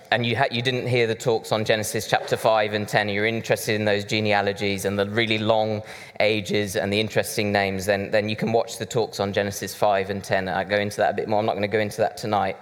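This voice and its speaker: A man preaching a sermon, conversational and chatty with side remarks. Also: lowish voice. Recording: reverberant hall.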